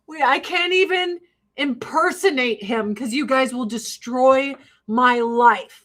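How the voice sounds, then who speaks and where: A woman's voice: high voice, unhurried. A middle-aged woman hosting a casual talk show, rambling and swearing as she tells stories. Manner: rambling, profane, animated storytelling. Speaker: podcast host. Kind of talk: casual chat.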